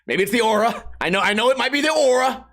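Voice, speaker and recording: A man with a fairly high voice hosts his own podcast and tells a long story as a casual rant. He swears freely and acts out the people he quotes with comic voices. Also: lively intonation, fast talker, gravelly, a bit bright. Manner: profane, comedic. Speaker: podcast host.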